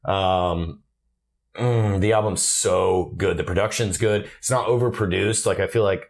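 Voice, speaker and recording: A man's voice: low-pitched, steady tone, measured pace. A man co-hosting a casual podcast, joking and laughing often as he talks. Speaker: podcast co-host. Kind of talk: casual chat.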